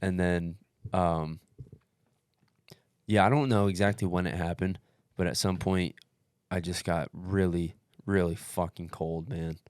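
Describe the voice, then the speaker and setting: A young man telling a long story in casual podcast chat, animated, swearing constantly and calling everyone "dude". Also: low-pitched, a little slow, smooth, dry recording. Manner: profane, animated, says "dude" often. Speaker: podcast guest recounting an ultramarathon.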